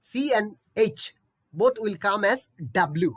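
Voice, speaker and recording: Slow, lively woman teaching pronunciation. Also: medium pitch. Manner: patient, repetitive, checks in with "okay?". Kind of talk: online pronunciation lesson.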